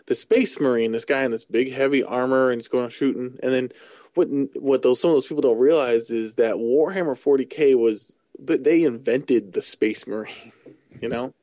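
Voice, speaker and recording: A man's voice: medium pitch, moderate pace, dark tone, dry recording. Rambling man chatting about games. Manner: rambling, jokey, many fillers and restarts. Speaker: podcast co-host. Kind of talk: casual gaming chat.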